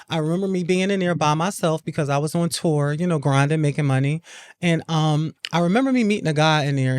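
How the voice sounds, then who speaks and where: A woman's voice: low-pitched, a little mellow, no echo. A woman hosting a podcast, telling a personal story in a casual, repetitive way and often starting with "I remember.". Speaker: podcast host.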